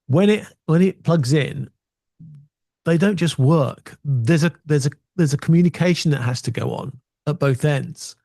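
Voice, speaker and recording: A man's voice: a little high, normal speed, mellow, dry recording, clean studio sound. A man co-hosting a video tech show, chatty and self-deprecating as he explains.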